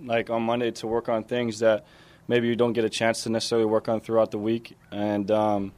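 Football player guy in an interview clip, talks quick and flat, lots of um and you know. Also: lowish voice. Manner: measured, filler-heavy.

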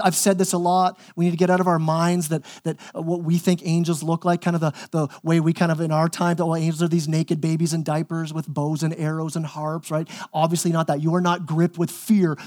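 A man's voice: sits high, a little mellow. A male pastor preaching a conversational, emphatic sermon, often repeating words as he presses a point.

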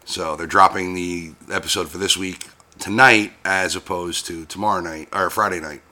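A man's voice: low voice, fairly even intonation, moderate pace, sharp tone. A man co-hosting a casual podcast, dryly steering the conversation to the next topic. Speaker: podcast co-host.

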